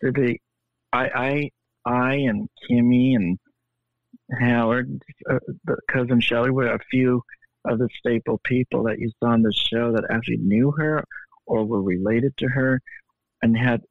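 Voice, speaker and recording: A man's voice: medium pitch, steady tone, measured pace, dry recording. A man telling stories as a podcast guest in a flamboyant, theatrical way, heard over a thin phone-like connection. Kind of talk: animated storytelling. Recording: tinny phone-like line.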